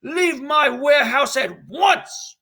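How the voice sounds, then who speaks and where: A haughty, defensive merchant, put on by a man in a raised, commanding voice with a bright, gravelly edge. He speaks slowly and deliberately and orders people about in a classroom role-play reading. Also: very high-pitched, sing-song, voice pushed up, heavily acted. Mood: indignant. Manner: indignant, commanding, raising his voice. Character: indignant loyalist male merchant, haughty and defensive.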